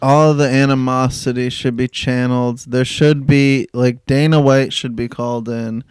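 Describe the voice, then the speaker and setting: A man's voice: mid-range voice, level tone, moderate pace, darkish tone, clean tone, no echo. A man co-hosting a podcast, talking in a laid-back, offhand casual chat. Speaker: podcast co-host.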